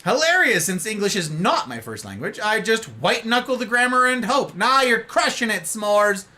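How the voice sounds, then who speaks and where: A man's voice: high-pitched, big pitch swings, moderate pace, sharp tone. A young man chatting casually with his live-stream viewers, playful and theatrical, with old-fashioned turns of phrase.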